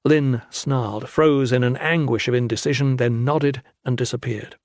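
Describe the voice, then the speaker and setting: A man narrating a fantasy audiobook with steady, dramatic storytelling on a close studio mic. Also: medium pitch, moderate pace, dry recording.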